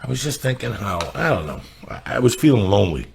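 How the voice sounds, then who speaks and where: A middle-aged man hosting a podcast, telling stories loudly with lots of swearing. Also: medium pitch, fast, vocal fry, slight background noise. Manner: loud, profane and animated. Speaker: podcast host. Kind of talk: casual storytelling.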